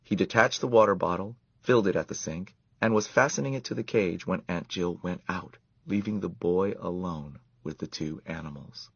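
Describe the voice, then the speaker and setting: A man reading a children's story aloud in an expressive, measured way. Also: sits low, gravelly, slightly rough, dry recording, highs cut off.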